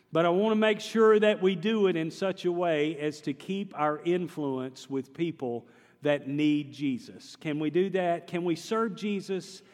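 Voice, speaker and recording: A male pastor delivers a lively, humorous sermon with a high-pitched voice, often asking the congregation questions. He tells his stories with animation. His voice carries through a church sanctuary with a long reverb.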